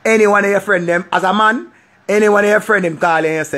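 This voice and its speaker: Very high-voiced Jamaican man telling a story. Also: fast. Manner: animated, mixing patois and slang. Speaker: vlogger. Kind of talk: casual storytelling.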